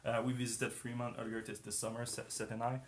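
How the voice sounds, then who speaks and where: Speaking quickly in a monotone, mid-range voice, the host of a casual live stream stumbles through the discussion with fillers and restarts. His voice is straining and giving out, he clears his throat, and a slight hiss or hum sits under the audio.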